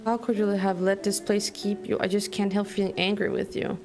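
A woman's voice: medium pitch, level tone, brisk, darkish tone, soft background music, lightly acted. A woman reading as Sarah, hurt and frustrated. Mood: grieving. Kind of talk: reading game dialogue aloud.

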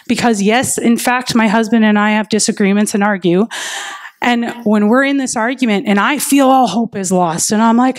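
A woman preaching a sermon in an earnest, personal way, telling stories of her own faith. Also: on the high side. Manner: earnest and personal, with lively retold inner dialogue.

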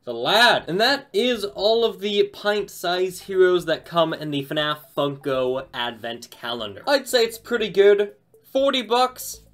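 Excitable man reviewing toys, slightly high voice. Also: unhurried. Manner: excited, slangy, chatty. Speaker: toy reviewer host. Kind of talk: casual unboxing review.

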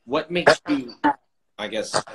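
A man's voice: mid-range voice, expressive. Rambling male host on a noisy line. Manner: rambling, halting, restarts often. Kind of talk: casual interview chat. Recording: loud background noise.

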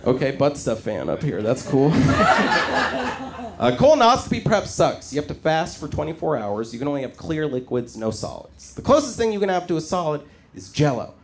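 A man in his twenties performing a stand-up comedy set on stage, delivering deadpan, self-deprecating punchlines. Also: a little high, normal speed, noisy background. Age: 20s. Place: comedy stage before a live audience. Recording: live stage with loud audience laughter.

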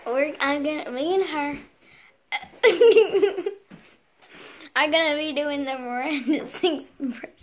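Slow, giggly higher-voiced young woman. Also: a little hiss or hum. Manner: giggly, teasing. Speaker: vlogger. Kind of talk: playful comedy skit.

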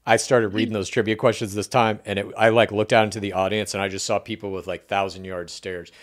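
A man co-hosting a casual podcast, telling an anecdote with animated delivery and acting out the dialogue he quotes. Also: lowish voice, fast talker. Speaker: podcast co-host. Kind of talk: casual podcast chat, storytelling.

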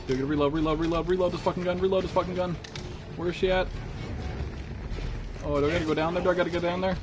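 A man streaming a horror game, panicking, yelling and swearing heavily as he plays. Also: high-pitched, steady tone, fast talker, noisy background. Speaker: gamer streamer. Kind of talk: horror game live commentary. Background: game music and sound effects.

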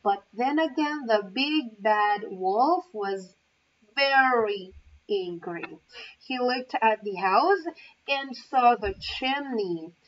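A trainee English teacher carefully reads a children's story out loud, adding little asides along the way. She has a voice on the high side with lively intonation, and she takes her time. The recording is muffled, picked up from far off the mic.

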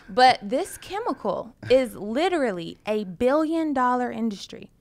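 A woman's voice: on the high side, sing-song, unhurried. A woman, a personal trainer, talking in a casual talk show chat in an emphatic, passionate way. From United States. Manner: emphatic and passionate, laughs often.

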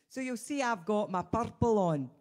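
A woman's voice: on the high side, darkish tone. A Scottish woman hosting a chatty live stream as a singing teacher, bubbly and laughing often, with a slight frog in her throat.

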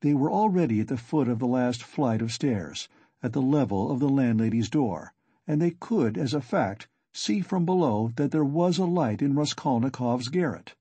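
Husky male audiobook narrator. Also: medium pitch, lively intonation, normal speed, warm tone, no room sound. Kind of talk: scripted narration.

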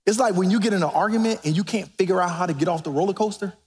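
A man preaching a sermon as pastor in a church, animated and preacherly, rising to near-shouts. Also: high-pitched, rapid-fire. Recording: reverberant church sanctuary.

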